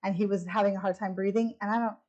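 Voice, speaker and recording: A woman's voice: rapid-fire, dull audio. A middle-aged woman giving a personal testimony at a church women's retreat, animatedly acting out the quoted lines. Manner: animated, acts out quoted lines with big pitch jumps.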